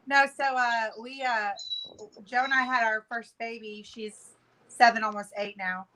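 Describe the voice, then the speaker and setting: A woman in her thirties, a podcast guest telling a story in casual chat with a profane, animated manner. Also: fairly high pitch, unhurried, rough recording.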